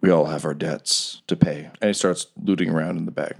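A man with a very low voice narrates a tabletop game as its game master. His tone is gravelly, and he tells the scene vividly, easing his pace for dramatic beats. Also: steady tone. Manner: vivid storytelling, slowing for dramatic moments.

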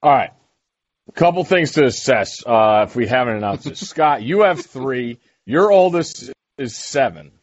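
A man's voice: mid-range voice, expressive, no echo, muffled recording. A man co-hosting a casual podcast chat, teasing and rattling off tips. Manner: teasing, gives rapid tips. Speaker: podcast co-host.

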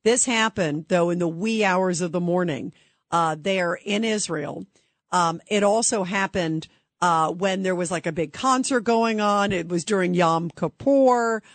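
A woman's voice: fairly low pitch, measured pace, no room sound. A woman hosting a call-in talk radio show, speaking in an emphatic, indignant, conversational way.

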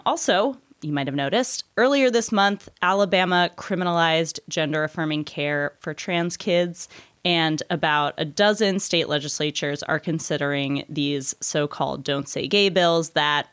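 A woman's voice: deep voice, fairly bright tone, no echo. A woman hosting a podcast, a senior writer who moves from laughing banter into a read-out segment intro. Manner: laughs often, brisk and conversational. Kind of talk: casual chat and scripted intro.

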